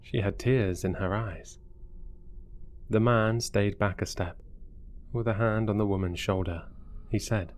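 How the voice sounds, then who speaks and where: A man narrating a first-person horror story in a deliberate, brooding way. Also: on the low side, soft background music.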